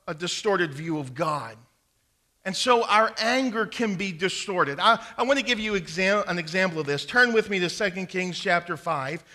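A man preaching a sermon, swinging between loud emphatic stretches and quiet low asides, with a few stumbles and restarts. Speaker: pastor.

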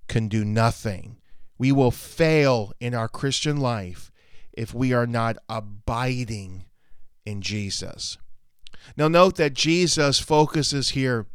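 Slow, earnest male preacher. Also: mid-range voice, clear, resonant tone, no echo, studio quality. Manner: earnest, measured, appealing. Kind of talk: sermon. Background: faint music.

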